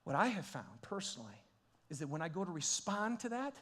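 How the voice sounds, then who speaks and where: A man preaching a sermon, swinging between hushed, intimate questions and loud, excited exclamations, with frequent laughs and restarts. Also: fairly high pitch, brisk, husky. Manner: repeats himself and restarts, laughing often. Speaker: pastor.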